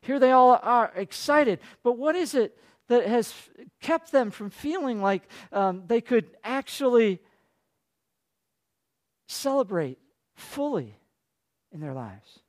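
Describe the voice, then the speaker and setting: A man with a fairly high voice preaching a sermon to his congregation. He tells the story in a loose, conversational way, fires off rhetorical questions, and swings from loud, excited preaching to soft, quiet asides. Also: slow, pauses often. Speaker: pastor.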